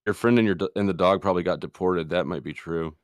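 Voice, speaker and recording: A middle-aged man on a livestream, arguing his opinions in a casual debate. His voice sits a bit low and he pushes his points insistently. The recording is dry and close. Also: quick pace, dry recording. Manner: argumentative, opinionated. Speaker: stream guest.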